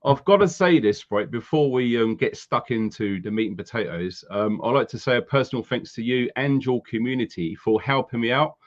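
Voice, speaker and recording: A man joins a casual interview as a guest, friendly and matter-of-fact with easy slang. His voice sits at a middling pitch for a man. He comes through a dull, lo-fi remote call. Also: expressive, a little fast, few pauses. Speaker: guest, prepping youtuber.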